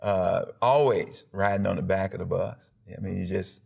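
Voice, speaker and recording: A deep, heavily gravelly man talks with punchy emphasis. He tells his story in a lively, animated way and acts out moments with sound effects. He speaks as a pastor sitting for a TV interview. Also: moderate pace. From Alabama, USA. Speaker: pastor and former football player.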